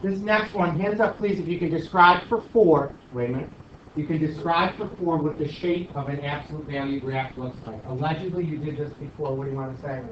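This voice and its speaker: A male math teacher giving his class an animated, teasing pep talk and review, recorded in a classroom. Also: on the high side, fairly quick, recorded from a distance, a little hiss or hum. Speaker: high school math teacher. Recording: echoey dull classroom recording from afar.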